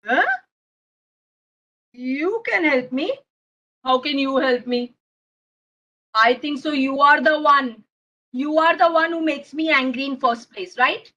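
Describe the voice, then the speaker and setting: A woman's voice: high voice, takes it slowly, long pauses, pushed and bright, highs cut off, full character voice. Woman playing a plaintive little girl. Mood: indignant. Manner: childlike, plaintive. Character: young girl, sulky then sorry.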